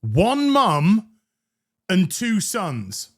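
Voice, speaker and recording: A man's voice: high voice, huge pitch swings, extremely slow. A man hosting a TV review show, ranting sarcastically with crude jokes and stammered restarts. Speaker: host reviewing a TV episode.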